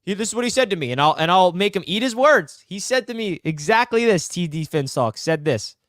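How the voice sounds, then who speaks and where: A man's voice: high voice, animated, fairly quick, a bit bright, dry recording, studio quality. A young man hosting a live sports talk stream, fired up and emphatic as he banters with fans. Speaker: sports channel host.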